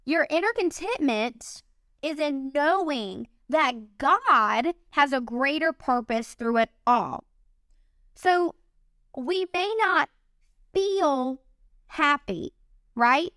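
A woman's voice: sits high, expressive, slow, fairly bright tone, no echo, studio quality. A woman giving an earnest, upbeat devotional talk, speaking chattily and addressing listeners as guys.

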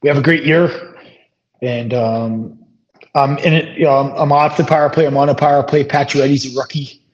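A middle-aged man, a former hockey player, telling stories as an interview guest, relaxed and rambling with many fillers and restarts. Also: medium pitch, normal speed. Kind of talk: casual storytelling interview. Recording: dull lo-fi audio.

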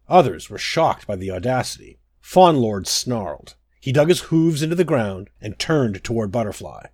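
A man narrating a scripted druidic fable in a measured storytelling manner. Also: medium pitch, very animated, darkish tone, no room sound.

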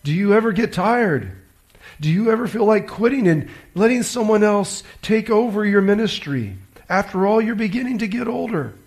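Man doing a stunned reporter guy, higher pitched, gravelly, disbelieving. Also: expressive, moderate pace, darkish tone. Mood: incredulous. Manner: incredulous, questioning. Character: astonished male journalist, middle-aged.

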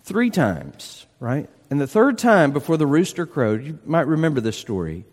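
Male pastor, emphatic sermon delivery, expressive pitch, reverberant hall sound. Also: moderate pace. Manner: animated, emphatic preaching with rhetorical questions.

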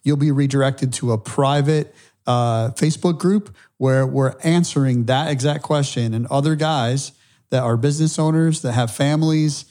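Male podcast co-host, warm and mellow, reflective with many restarts. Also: medium pitch. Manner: reflective, halting with frequent restarts. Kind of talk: conversational podcast talk.

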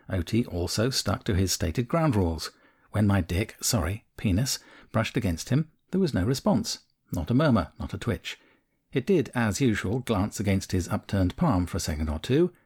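A man narrating a first-person memoir audiobook in a calm, measured, candid way. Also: on the low side, slightly rough.

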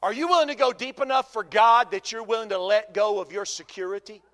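A man preaching a sermon as pastor, folksy and animated, with humor and rhetorical questions to the congregation. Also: high-pitched, a little fast, big-room sound.

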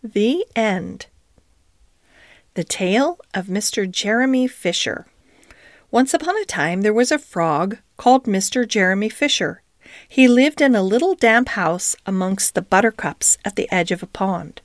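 A woman's voice: medium pitch, expressive, measured pace, no room sound, studio quality. Woman reading a children's storybook. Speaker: narrator. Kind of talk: storybook narration.

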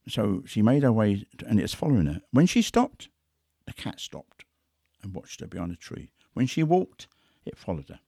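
Gravelly-voiced man telling animal stories. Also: fairly low pitch, moderate pace, hardly any pauses, dry recording, studio quality. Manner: animated, acts out quotes and sounds. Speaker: big cat investigator. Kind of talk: conversational storytelling.

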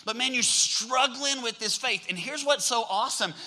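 A man's voice: extremely high pitch, moderate pace, sharp tone, rough recording. A male pastor preaching a sermon with energy, drawing the congregation in with call-and-response prompts.

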